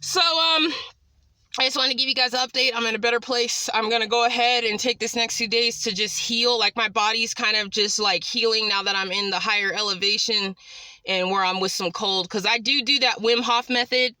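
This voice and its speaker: Woman vlogging, high bright voice, rambling on and on, repeats herself, dry close sound. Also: fairly even intonation, fairly quick, no room sound. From California. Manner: rambling, repetitive, agitated. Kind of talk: casual talking-to-camera vlog update.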